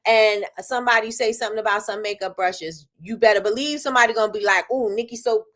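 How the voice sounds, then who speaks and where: A middle-aged woman hosting a casual motivational live stream from her soap business. She talks with lively energy, repeats her points and often laughs. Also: medium pitch, fast talker. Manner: energetic, repetitive, preachy, laughs a lot. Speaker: live show host, soap business owner.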